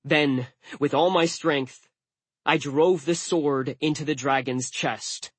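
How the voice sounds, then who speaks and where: A man narrating an audiobook in the first person with a wry, deadpan delivery. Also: on the high side, takes it slowly, slightly rough, dry recording.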